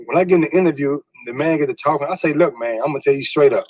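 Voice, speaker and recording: Middle-aged man, candid personal storyteller, slightly raised pitch, dry close sound. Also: rapid-fire, darkish tone, no echo, rough recording. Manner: candid, repeats words when stirred, informal slang.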